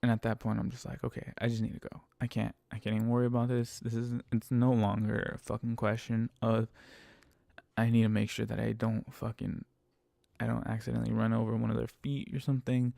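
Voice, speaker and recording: A man with a gravelly, dark-toned voice tells a rideshare driving story in a casual monologue. He swears constantly and lays on emphatic exasperation. The sound is dry and close. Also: mid-range voice, level tone, a little fast, dry recording. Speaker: rideshare driver telling stories.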